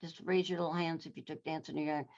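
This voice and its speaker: Wisconsin woman telling stories in a keynote, lowish voice, muffled video call audio. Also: racing. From Wisconsin, United States. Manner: animated storyteller who addresses the audience. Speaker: keynote speaker. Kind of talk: storytelling keynote talk.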